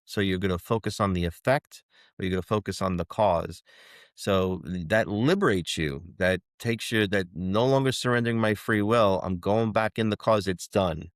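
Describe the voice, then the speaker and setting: A man co-hosting a spiritual podcast, talking casually in halting bursts, repeating words and laughing between points. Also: low voice, no room sound, clean studio sound. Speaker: podcast co-host.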